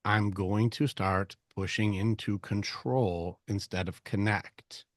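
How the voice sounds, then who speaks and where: A man's voice: lowish voice, slow, dry recording, studio quality. A man hosting a men's group talk, coaching casually and swearing as he goes. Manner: animated, swears often, acts out voices in quotes. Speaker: host leading a men's group discussion.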